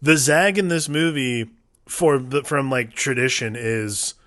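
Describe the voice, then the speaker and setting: A man in easy podcast chat about a film, mid-pitched and conversational. He rambles, fills gaps with "like", and circles back before landing his point. The recording is dry and close. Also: a bit bright, no room sound. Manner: rambling, many "like" fillers, quick agreeing replies. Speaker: podcast co-host. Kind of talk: casual film discussion.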